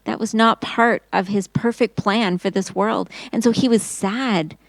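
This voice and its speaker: A woman teaching Sunday school, telling a Bible story to children in an expressive storytelling voice. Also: mid-range voice, measured pace, vocal fry, no echo, poor audio. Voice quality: expressive storyteller, acting out quotes in raised voice.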